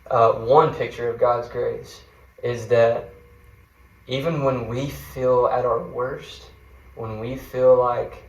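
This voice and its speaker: A man's voice: medium pitch, fairly even intonation, slow, echoey room, far from the mic, poor audio. A man, a guest mentor, tells a personal faith story in an earnest, rambling way, full of fillers and restarts. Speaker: guest mentor sharing a testimony.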